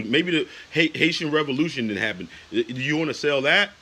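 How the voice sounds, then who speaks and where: A man's voice: on the high side, expressive, a little fast, pushed and bright, low-quality recording. A man in his late thirties ranting on a casual vlog, heated and repetitive, with lots of "you know" and "man.". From United States. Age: 30s. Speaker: YouTuber.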